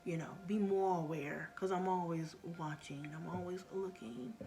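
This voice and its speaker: A woman's voice: fairly low pitch, fairly even intonation, normal speed, mellow. A middle-aged woman vlogger telling a story in a casual, earnest way, often dropping to a near-whisper.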